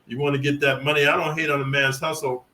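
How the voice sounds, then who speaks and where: A man's voice: on the high side, flat delivery, quick pace, bright, forceful tone, rough recording. A middle-aged man from California telling prison stories in a boastful, rambling, streetwise monologue. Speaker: prison storyteller. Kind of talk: casual profane monologue.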